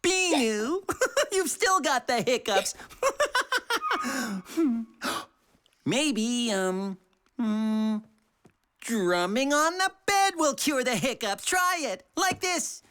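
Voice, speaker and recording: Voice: medium pitch, lively intonation, takes it slowly, a bit bright, clean tone. A performer voicing a cheerful, giggly male cartoon creature who eagerly helps his friend, with exclamatory, sing-song delivery in a preschool cartoon. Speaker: cartoon lead character.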